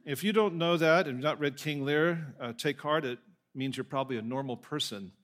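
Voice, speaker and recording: A man's voice: fairly high pitch, a little fast, a bit bright. A male pastor preaching a sermon, reading scripture and telling stories in a conversational way, with asides and self-corrections.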